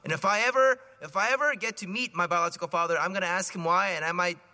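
Bright-voiced priest preaching in a reverberant church. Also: male voice, high-pitched, quick pace. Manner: conversational, anecdotal, acts out quoted voices. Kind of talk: sermon.

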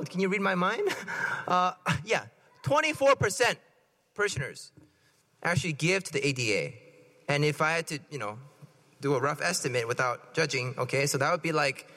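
A man's voice: on the high side, bright, forceful tone. A man, a priest, giving a playful sermon and quizzing the congregation with jokes. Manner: playful, joking and asking the congregation questions. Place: church. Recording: long hall reverb.

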